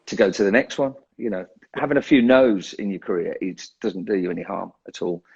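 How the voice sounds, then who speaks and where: A man's voice: on the low side, brisk, vocal fry, darkish tone, husky, lo-fi sound. A drummer being interviewed, a man talking in a casual, self-deprecating way who laughs often and restarts his sentences. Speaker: guest drummer.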